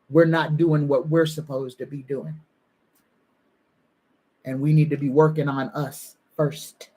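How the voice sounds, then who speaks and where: A woman psychic medium giving an earnest, soothing live-stream reading, at times moved to the edge of tears. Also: deep voice. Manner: slow, earnest, soothing, emotional. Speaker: psychic medium and tarot reader.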